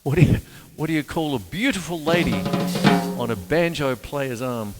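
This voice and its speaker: A man's voice: fairly high pitch, animated, normal speed, big-room sound, over loud music. An Australian man giving a casual drum lesson, chatty and rambling, cracking jokes and saying "you see" a lot. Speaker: drum teacher. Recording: drum kit playing behind the voice.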